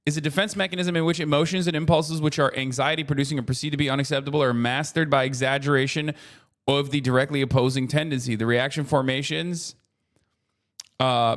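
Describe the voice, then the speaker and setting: An American man in his thirties doing casual livestream commentary, talking to his chat with profane, animated rants. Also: medium pitch. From United States. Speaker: streamer reacting to chat.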